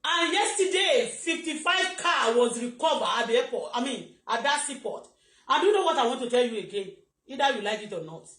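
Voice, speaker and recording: Nigerian woman live-streaming from an echoey room, higher voice, rambling and agitated. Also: lively intonation, brisk, fairly bright tone. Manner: rambling, repetitive, agitated, switching into Yoruba at times. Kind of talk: emotional live-stream monologue. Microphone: phone.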